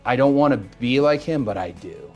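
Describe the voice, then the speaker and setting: A wrestler in an interview, speaking earnestly and warmly about a friend, often restarting his sentences. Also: medium pitch, lively intonation, brisk, soft background music. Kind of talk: casual interview talk.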